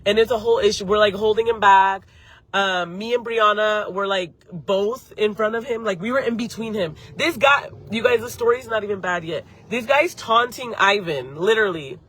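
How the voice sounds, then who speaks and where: A woman's voice: medium pitch, normal speed, a bit bright, breathy edge. A woman hosting her channel, telling a story live to viewers in a heated, profane way and stopping to answer chat comments. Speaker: beauty channel host. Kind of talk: live-streamed story time.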